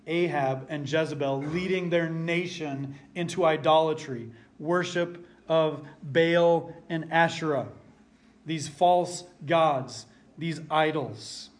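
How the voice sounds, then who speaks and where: Preaching an expository sermon and reading from scripture, a man speaks in a voice on the high side. He's emphatic, and to drive a point home he slows down and falls nearly silent.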